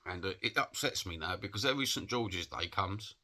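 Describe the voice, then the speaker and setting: A man's voice: low-pitched, animated, fairly quick, pushed and bright. A man with a Cockney accent from England, giving an impassioned, rambling opinion monologue for his vlog. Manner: impassioned, rambling, plain-spoken. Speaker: vlogger.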